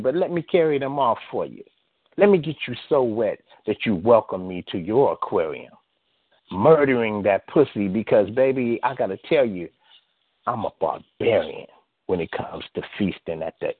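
A slightly hoarse man performing spoken-word poetry in a rhythmic delivery that keeps rising into high bursts. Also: dry recording. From US West Coast. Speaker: poet. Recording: tinny phone-like line, dry.

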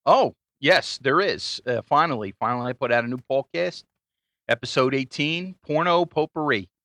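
A man's voice: medium pitch, moderate pace, sharp tone, dry recording. A man, a guest on a casual podcast, laid-back and dropping dry wisecracks. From Philadelphia.

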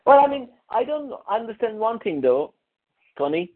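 A man speaks on a coaching call over a narrow, phone-like line. His voice sits a little high for a man. He talks haltingly, restarts often and searches for the right words. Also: big pitch swings. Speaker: coaching client. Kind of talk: casual conversation on a coaching call. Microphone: call audio.

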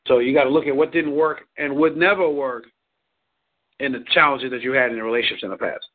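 A man's voice: medium pitch, steady tone, fast talker. A man giving casual relationship advice, rambling, repeating words and laughing often. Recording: tinny phone line.

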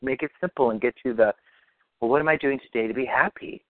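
Quick-paced and medium-pitched, a man guides a practitioner call with casual coaching that drifts around, comforts, and frequently repeats. He's heard over a phone or call line with a dry sound and no echo.

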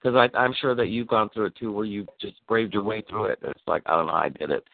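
A man on a call, telling a story in casual chat, animated and swearing, acting out the lines he quotes. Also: fairly low pitch, quick pace, vocal fry. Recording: tinny phone line.

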